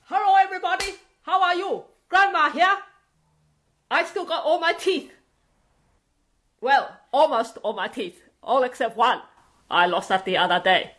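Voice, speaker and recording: A woman's voice: sits high, measured pace, long pauses, a bit bright, voice pushed up. Woman doing a chirpy old Chinese grandma clown. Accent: exaggerated Chinese English.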